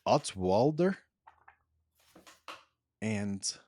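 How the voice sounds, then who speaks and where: A man's voice: fairly low pitch, animated, moderate pace. A man co-hosting a business podcast, chatting casually and teasing his co-host. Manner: playful, teasing banter. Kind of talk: casual chat.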